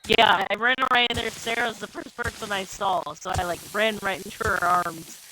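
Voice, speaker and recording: Bright-voiced woman telling a halting story. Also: medium pitch, fairly even intonation, a little hiss or hum, poor audio. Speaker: co-host. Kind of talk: casual ghost story chat.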